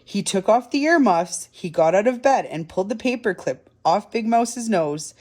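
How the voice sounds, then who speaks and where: Expressive woman reading a picture book. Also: mid-range voice, moderate pace, hardly any pauses. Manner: expressive, soft and dramatic. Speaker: library storytime reader.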